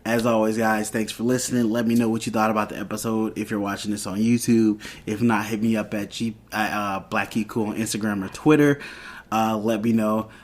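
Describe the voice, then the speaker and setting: A man's voice: fairly low pitch, level tone, a little fast. A man hosting a podcast, casually retelling a TV episode and acting out the characters' lines as he goes. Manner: rambling retelling with quoted lines. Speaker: podcast host.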